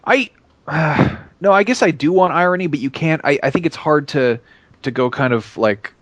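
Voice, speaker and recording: A man co-hosting a gaming podcast, opinionated but hesitant, working his thoughts out with many pauses and restarts. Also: fairly high pitch, fairly bright tone, dry recording, muffled recording. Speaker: podcast co-host. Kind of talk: casual chat.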